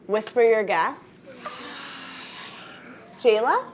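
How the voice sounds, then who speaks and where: A woman's voice: on the high side, a little hiss or hum. A woman teaching a first-grade phonics lesson in a classroom, leading the class in call-and-response. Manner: animated, drawn-out teacher voice with call-and-response prompts.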